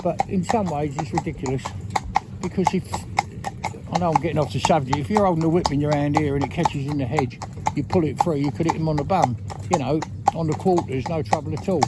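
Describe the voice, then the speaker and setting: A man, a horse trainer explaining as he works outdoors on a road and coaxing his horse with soft endearments. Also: on the high side, a little fast. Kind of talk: casual explaining while driving a horse. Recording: loud outdoor noise with hoofbeats.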